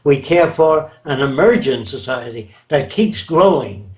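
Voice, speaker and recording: Here an older man with a mid-range, darkish voice and lively intonation answers interview questions a little slowly. He's emphatic and lecturing, often checking whether his listener gets it, and the recording carries a roomy echo.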